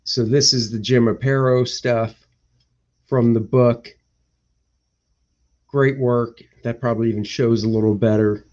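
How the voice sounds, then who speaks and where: Slow-talking man rambling on a live stream. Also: medium pitch, fairly even intonation, darkish tone. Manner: rambling, grumbles and mutters to himself. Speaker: cartoonist hosting a live stream. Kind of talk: casual live-stream chat, thinking aloud. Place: indoor home room. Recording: dull lo-fi stream audio.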